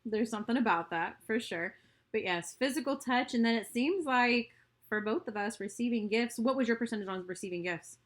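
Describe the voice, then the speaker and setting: A young adult woman co-hosting a podcast, talking in a relaxed, reflective way and backing her co-host with frequent mm-hmms. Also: a little high, a little fast. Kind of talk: casual chat.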